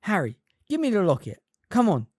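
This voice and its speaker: A fan reader voicing a brisk, bossy teenage girl witch who is impatient and anxious. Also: mid-range voice, big pitch swings, darkish tone, no room sound, clean studio sound, voice pushed up.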